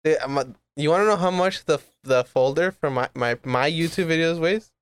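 A young man whose voice sits a little high, telling rambling stories and swearing a lot. The tone is smooth and clear, and the room is dead dry. He chats loosely with a friend. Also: fairly quick, dry recording. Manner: loose storytelling, heavy swearing. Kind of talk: casual chat.

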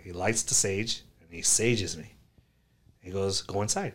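A man from South Florida, a collectibles store owner, telling a story as a podcast guest with lively acted-out quotes. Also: deep voice, moderate pace. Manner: animated, acts out quoted voices loudly.

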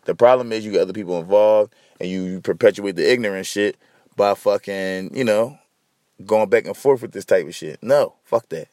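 A man's voice: fairly low pitch, normal speed, a little mellow, dry recording. Sleepy, profane, rambling male podcaster. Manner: profane, loose, tired and rambling. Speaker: podcast host. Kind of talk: casual solo rambling monologue.

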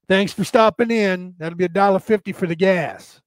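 A man's voice: sits high, no room sound, lightly acted. A man putting on a drawling Southern gas station man. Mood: teasing. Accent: Southern US (put on). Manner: drawling, slow, mocking. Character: sly country gas station man giving directions.

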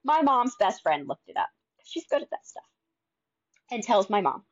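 Animated woman telling her story. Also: a little high, normal speed, dry recording, highs cut off. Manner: animated, acts out quoted dialogue. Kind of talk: casual storytelling.

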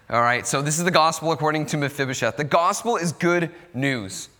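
A man delivers a sermon from the pulpit in an easy, conversational way, often pausing on "uh" and "um" as he works through his points. His voice sits in the middle range for a man. The sound carries a long hall reverb from the church sanctuary. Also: mid-range voice, bright, forceful tone. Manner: conversational, with many fillers. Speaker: guest preacher.

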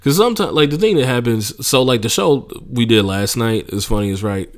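A man's voice: mid-range voice, brisk. A young adult man hosting a podcast, telling comedy stories in a casual, profane way and mocking people he imitates. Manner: profane, animated storytelling with mocking impressions. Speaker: podcast host, stand-up comedian. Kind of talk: casual monologue.

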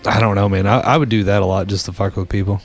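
A man's voice: fairly low pitch, fairly even intonation, fast, creaky, soft background music. A young adult man co-hosting a podcast, telling stories in a rambling, irreverent way with lots of fillers. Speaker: podcast co-host. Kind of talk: casual storytelling chat.

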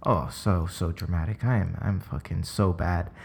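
A man's voice: low voice, fairly even intonation, moderate pace, creaky, a little mellow, husky. A man chatting casually as a podcast guest, reflective and rambling, swearing now and then.

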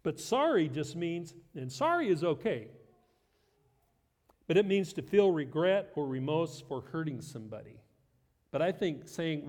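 A man's voice: fairly high pitch, a little mellow, long reverb tail. A middle-aged man preaching a sermon as pastor, conversational and self-deprecating with light humor.

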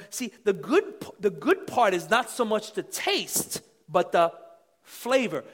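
A middle-aged man preaching a sermon with passion, dropping to quiet asides and then rising to shouts. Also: sits high, sing-song, unhurried. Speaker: pastor.

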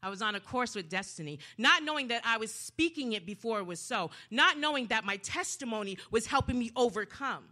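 A woman preacher giving a sermon, swinging dramatically from hushed to loud. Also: on the high side, animated, brisk, few pauses.

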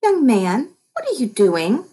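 A woman voicing a shrill, angry elderly woman customer who demands answers. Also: wildly swooping pitch, measured pace, mellow. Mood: demanding.

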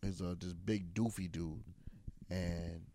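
A man's voice: low-pitched, takes it slowly, a little hiss or hum. A young man telling a long personal story in casual chat, acting out what people said. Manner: animated, quoting himself and others. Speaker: guest storyteller.

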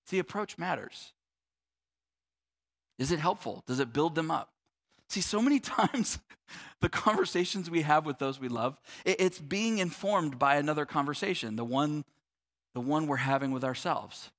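A pastor in his forties delivers a sermon in a high, bright voice. He talks earnestly, doubling up words as he builds toward a point. At times he sinks into a soft, low tone to reflect. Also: lively intonation, normal speed, long reverb tail.

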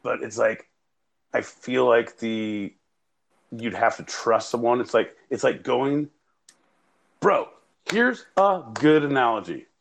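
Gravelly, rambling podcast co-host man. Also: medium pitch, slow, long pauses. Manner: rambling, profane, jokey, laughs often. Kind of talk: casual podcast banter. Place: home studio, recorded remotely via live app.

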